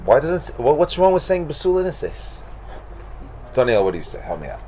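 A man teaching a Talmud class to students, asking them question after question in an animated way. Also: a little high, brisk, a little hiss or hum. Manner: animated, questioning, mixes Hebrew and Aramaic terms.

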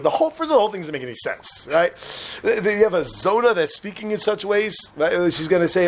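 A man with a high, very lively voice teaching a Torah class. He talks in an animated way, throws questions at his listeners, and laughs along at his own asides. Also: fairly quick, creaky. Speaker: religious teacher.

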